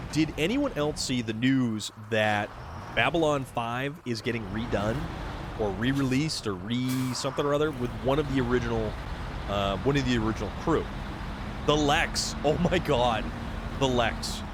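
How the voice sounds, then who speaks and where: A man hosting a livestream, chatting excitedly and answering viewers while he plays a video game. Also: mid-range voice, normal speed, noisy background. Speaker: livestream host. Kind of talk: casual chat while playing a video game.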